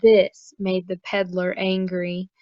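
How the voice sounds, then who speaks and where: A woman preschool teacher reading a storybook aloud to young children, slow and expressive, then asking soft, gentle questions. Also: lowish voice, dry recording, muffled recording.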